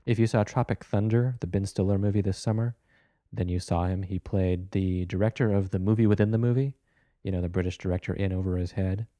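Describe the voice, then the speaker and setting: A man with a deep, mellow voice hosts a film program, introducing the guest and a clip. He talks in a relaxed, conversational way with a few fillers, and the sound is dry and close. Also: fairly quick, dry recording. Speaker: radio film show host.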